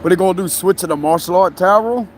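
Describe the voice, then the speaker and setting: A tarot reader streams live outdoors near a tree and traffic, his high voice moving fast over a slight hiss or hum. He chats loosely and rambles, laughing often and ending lines with "you know what I'm saying."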